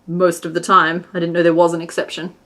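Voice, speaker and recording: A woman's voice: on the low side, completely flat delivery, brisk, sharp tone. A woman streaming live as she crochets, talking casually and rambling between counts and restarts. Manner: chatty and rambling, with restarts and stitch counting half under her breath. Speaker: crochet streamer and pattern designer.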